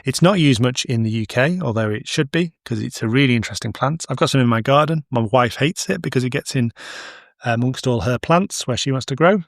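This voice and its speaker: A man's voice: medium pitch, brisk, creaky, no room sound, clean studio sound. A middle-aged man hosting a casual educational podcast, chatty and digressive with anecdotes. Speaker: podcast host, horticulture expert.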